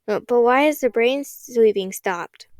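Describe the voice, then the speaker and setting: A woman's voice: fairly high pitch, expressive, a little slow, darkish tone. A woman voicing a puzzled young boy who stammers a question.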